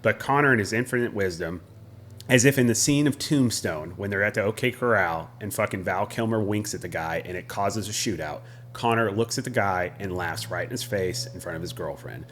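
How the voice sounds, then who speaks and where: A man in his forties co-hosting a podcast, telling stories in a casual, animated way and swearing freely. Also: on the low side, brisk, slight background noise. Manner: animated storyteller who swears freely and acts out quotes. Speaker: podcast co-host. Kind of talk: casual storytelling chat.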